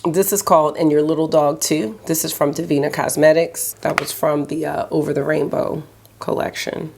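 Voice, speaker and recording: A woman hosting her own makeup channel in casual, chatty talk, with a rough morning voice. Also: low-pitched, flat delivery, moderate pace, a little mellow, slight background noise. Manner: chatty and enthusiastic. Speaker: beauty vlogger host.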